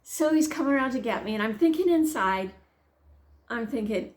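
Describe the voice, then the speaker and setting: A woman's voice: fairly high pitch, normal speed. Middle-aged woman telling a story. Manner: lively storyteller who acts out her own thoughts; earnest, gentle encouragement. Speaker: Bible teacher. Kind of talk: personal story turned devotional teaching.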